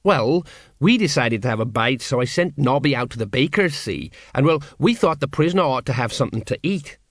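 A man's voice: mid-range voice, animated, fairly quick, dry recording, clean studio sound. A man reading an audiobook, voicing a sheepish, evasive middle-aged watch sergeant who talks colloquially.

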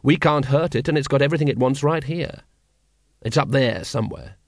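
A man's voice: mid-range voice, a little fast, no echo, close to an everyday voice. A man reading an audiobook, voicing a weary, blunt middle-aged watch captain with a terse, dry manner. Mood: grim.

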